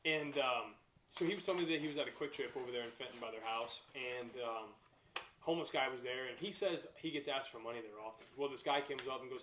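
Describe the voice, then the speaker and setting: A young man, telling stories in a profane, excitable casual chat. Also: mid-range voice, quick pace, slight background noise. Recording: echoey room.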